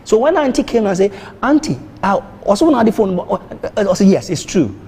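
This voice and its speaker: A man's voice: high voice, sing-song, fairly quick, a little mellow, husky, big-room sound. A man who is a guest on a TV talk show, telling stories and acting out the dialogue he quotes. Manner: storytelling, acts out quoted dialogue. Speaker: guest speaker.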